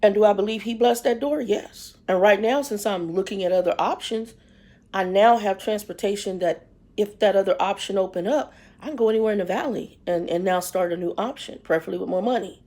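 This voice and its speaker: A woman hosting a ministry livestream, talking and preaching in a relaxed, conversational way, often acting out the voices of people she quotes. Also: medium pitch, a little fast. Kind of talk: casual spiritual talk. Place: in a car.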